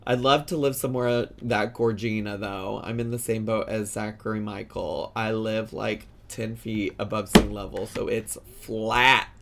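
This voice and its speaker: A man commentating casually over a cooking video, chatty and swearing with sudden excited outbursts. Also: lowish voice, unhurried, creaky, hardly any pauses, background noise. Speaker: host reacting to a cooking video.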